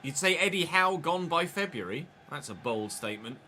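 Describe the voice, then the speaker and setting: Bright-voiced young man streaming a game. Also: a little high, animated, normal speed, slight background noise. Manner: chatty, thanks viewers by name between plays. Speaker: gaming streamer. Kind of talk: live-stream game commentary.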